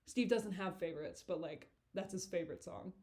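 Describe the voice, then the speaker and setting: A woman's voice: on the low side, fairly quick, a little mellow. A woman giving a casual director's commentary on her own video, rambling, giggling and swearing freely.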